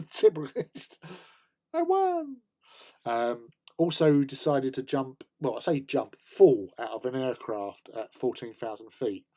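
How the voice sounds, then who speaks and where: A man's voice: medium pitch, mellow. An English man hosting a casual hobby stream, rambling through a travel story with many fillers and laughs. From England. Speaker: host.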